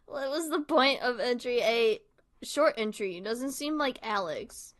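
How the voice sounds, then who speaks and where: Giggly woman streamer, kinda high voice, rambly casual commentary, says sorry a lot. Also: animated, a little slow, fairly bright tone. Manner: chatty, giggly, apologetic. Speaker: stream host.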